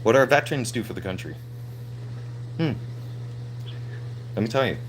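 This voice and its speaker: A man's voice: medium pitch, animated, normal speed, slight background noise. A man ranting in a heated, profane way into a handheld phone on a livestream. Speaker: veteran livestreamer. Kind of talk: angry livestream rant.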